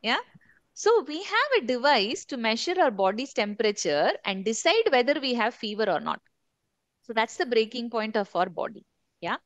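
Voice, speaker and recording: A woman's voice: a little high, big pitch swings, moderate pace, no room sound. Middle-aged woman leading a workshop. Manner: conversational, asks the group questions. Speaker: corporate trainer. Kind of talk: workshop talk to a live group.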